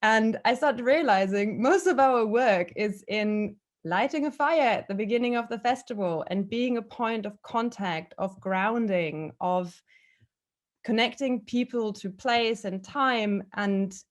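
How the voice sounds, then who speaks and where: A woman who works as a festival carer, speaking thoughtfully on a panel and pausing to find words. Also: on the high side. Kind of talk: panel talk.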